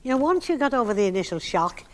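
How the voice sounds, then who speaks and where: An older actress telling lively stories about her career in an interview, acting out what people said. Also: a little high, fast, big-room sound. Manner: chatty anecdotal, acts out quotes. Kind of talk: storytelling interview.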